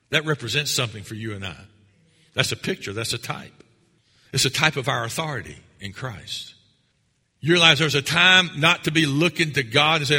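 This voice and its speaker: Pastor guy preaching hard, really bright forceful voice, a bit husky, long echo in the hall. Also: fairly high pitch, lively intonation, moderate pace. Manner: fervent preaching, rising to shouts. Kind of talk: sermon.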